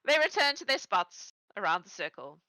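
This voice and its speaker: A woman narrating as game master of a tabletop game, telling the story in a relaxed, playful way. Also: mid-range voice, normal speed, dry recording, poor audio.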